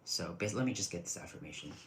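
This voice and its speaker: A man's voice: low-pitched, lively intonation, quick pace, a bit bright, a little hiss or hum, poor audio. A man giving casual tarot readings on a livestream, chatty and rambling, often restarting his sentences. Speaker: tarot reader.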